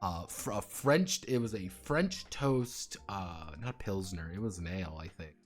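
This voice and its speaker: A man's voice: low voice, expressive, measured pace, soft background music. A man streaming live, chatting casually and ranting with lots of swearing and jokes. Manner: profane, ranting, jokey.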